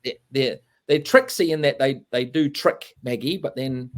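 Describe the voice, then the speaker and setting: A man's voice: medium pitch, normal speed. English man, chatty author. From England. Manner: rambling, many fillers and restarts, laughs often. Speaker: author guest. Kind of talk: casual interview chat.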